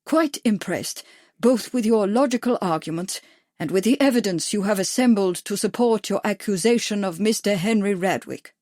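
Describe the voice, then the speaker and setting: A woman doing a gruff older royal man with a German accent. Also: medium pitch, animated, normal speed, darkish tone, dry recording, studio quality, lightly acted. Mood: commanding.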